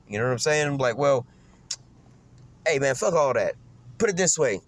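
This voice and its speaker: A man's voice: medium pitch, expressive, normal speed, pauses often. A man ranting casually in slang and profanity, rambling loosely and tagging his points with "man" and "you know what I'm saying.". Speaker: commentator.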